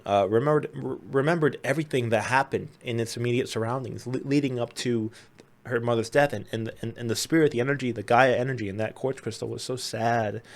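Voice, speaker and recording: A man hosting his own video, telling a personal story in a casual, earnest, conversational way. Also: fairly low pitch. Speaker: host.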